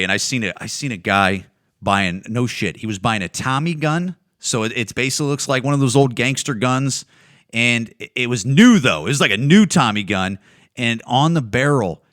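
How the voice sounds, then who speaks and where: A man's voice: medium pitch, bright, forceful tone. A man from Ohio hosting a podcast, delivering a rambling, profane opinion monologue with frequent stammering restarts. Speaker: podcast host.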